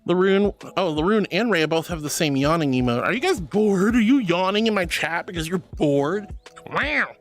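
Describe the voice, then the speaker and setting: Bubbly woman streamer chatting. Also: medium pitch. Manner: affectionate, bubbly, calls viewers sweetie and honey. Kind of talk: casual chat reading live chat.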